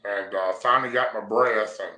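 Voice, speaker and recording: A man's voice: on the low side, steady tone, fairly quick, pushed and bright. A man, a guest on a podcast, telling a long personal story in a rambling, breathless way, linking his clauses with "and". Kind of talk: storytelling in a casual interview. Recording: roomy echo.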